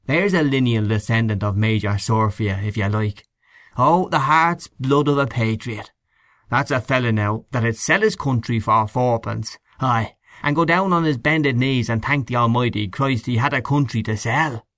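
A man's voice: medium pitch, normal speed, fairly bright tone, dry recording, clean studio sound, natural voice. A man voicing a scornful middle-aged canvasser who grumbles and gossips in an audiobook reading, with a sneering, indignant manner. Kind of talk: audiobook character voice.

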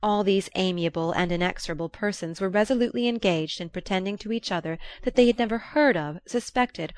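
A woman narrating a classic novel aloud in a measured, even storytelling manner. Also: on the low side, no room sound. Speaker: audiobook reader. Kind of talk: scripted narration.

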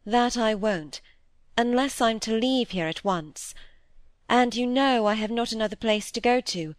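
A woman's voice: a little high, measured pace, dry recording, close to an everyday voice. Proud, troubled young woman, resolute and heavy, read by a woman, dry booth sound. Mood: defiant.

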